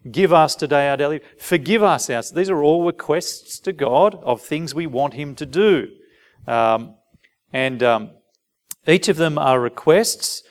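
A man's voice: a little high, unhurried. A man preaching a sermon, asking his listeners questions and briefly acting out little dialogues. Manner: animated, asks the audience rhetorical questions, acts out short dialogues.

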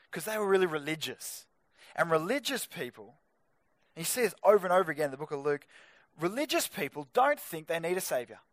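High-voiced youth preacher. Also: male voice, no room sound, clean studio sound. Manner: energetic, punchy, joking asides to teens. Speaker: youth pastor. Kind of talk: youth group sermon.

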